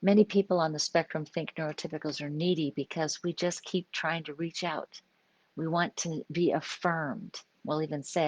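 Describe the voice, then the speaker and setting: A low-pitched older woman talks through ideas on a home live stream, keeping it conversational and often checking that the listener follows. Her voice is close and dry, with no room sound around it. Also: steady tone, moderate pace, a little mellow, dry recording. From US Pacific Northwest. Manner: conversational, explaining with frequent "right?" check-ins. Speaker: psychologist hosting a live stream. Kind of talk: informal live-stream talk.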